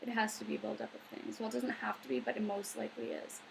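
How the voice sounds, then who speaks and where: A woman's voice: a little high, little pitch movement, fast, gravelly, slight background noise, poor audio. A young woman in a casual advice vlog, earnest and rambling, with many filler words. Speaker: vlogger.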